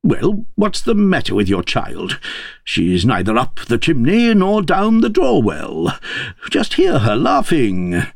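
A man's voice: mid-range voice, wildly swooping pitch, takes it slowly, creaky, dry recording, studio quality, pitched above the performer's own voice, full character voice. A man reading a storybook aloud and voicing a quarrelsome, self-satisfied king. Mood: blustering. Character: quarrelsome, pompous king, middle-aged man.

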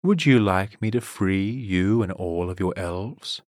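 A man reading a storybook, voicing a condescending female tempter who coaxes slowly and then commands. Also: low-pitched, a little mellow, no echo, clean studio sound. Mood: coaxing. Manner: slow, coaxing, then commanding. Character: scheming woman tempter, silky and condescending.

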